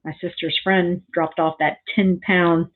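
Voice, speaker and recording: Chatty low-voiced woman on a tinny line. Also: little pitch movement, measured pace. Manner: rambling, chatty, lots of ums and side stories. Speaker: craft vlogger. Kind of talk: casual crafting tutorial chat. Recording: thin phone-like sound.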